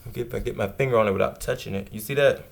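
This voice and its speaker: A man's voice: fairly low pitch, rapid-fire, creaky. A man hosting a casual gardening vlog indoors at a table of seedlings, talking to viewers in an enthusiastic, chatty way. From Virginia, USA. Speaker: gardening channel host. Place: indoors at a table of seedlings under grow lights.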